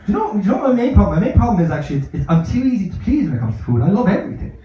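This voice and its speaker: Profane, self-mocking comedian in an echoey club. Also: male voice, high-pitched, sing-song, racing. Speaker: stand-up comedian. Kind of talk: stand-up comedy set. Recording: echoey, dull live club recording.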